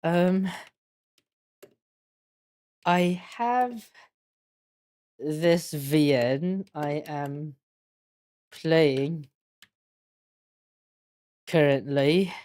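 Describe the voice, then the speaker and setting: A woman's voice: deep voice, very slow, pauses often, mellow. Giggly, self-deprecating woman streamer. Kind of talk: casual game stream chat.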